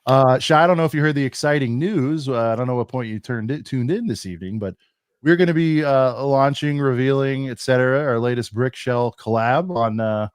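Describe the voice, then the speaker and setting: A man co-hosting a laid-back podcast, rambling and joking at his own expense. His voice sits at a middle pitch and sounds dry and close, with no room around it. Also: a little fast, clean tone, dry recording. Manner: rambling, jokey and self-deprecating. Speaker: podcast co-host. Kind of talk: casual chat.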